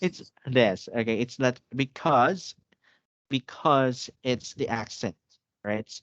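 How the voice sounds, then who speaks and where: Slow-talking man tutoring online. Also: medium pitch, fairly bright tone, no room sound. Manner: halting, repetitive explaining with light laughs. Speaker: English tutor. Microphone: computer mic on a video call. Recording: dry, dull video call audio.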